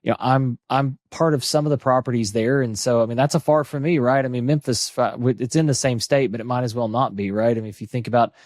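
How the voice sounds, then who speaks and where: A man's voice: medium pitch, steady tone, fast talker, hardly any pauses, a little mellow, dry recording, clean studio sound. A man with an East Tennessee accent co-hosting a podcast in casual, joking chat. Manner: chatty, joking, many restarts. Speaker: podcast co-host.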